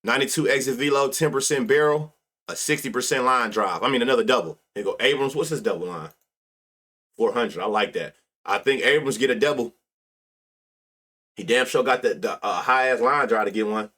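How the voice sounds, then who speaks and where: A man's voice: mid-range voice, brisk, bright, forceful tone. A man hosting a live sports-betting stream, chatting casually with lots of slang and profanity, laughing often and muttering stats under his breath. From United States. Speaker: sports betting show host.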